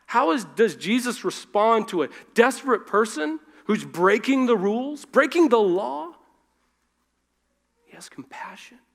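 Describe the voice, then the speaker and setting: High-voiced man preaching casually. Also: very animated, normal speed, vocal fry, hardly any pauses. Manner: informal, self-correcting, shifts between loud emphasis and hushed asides. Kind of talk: conversational sermon. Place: church.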